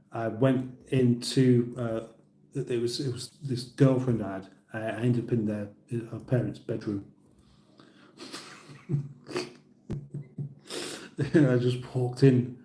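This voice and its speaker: A middle-aged man with a British accent chats loosely through a livestream. He reads viewer comments aloud, rambles, and chuckles at his own jokes. His voice is dark and mellow, and it echoes around the room he is in. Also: medium pitch, fairly even intonation, slow pace, long pauses. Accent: British English. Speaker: livestream host. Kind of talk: casual livestream chat reading comments.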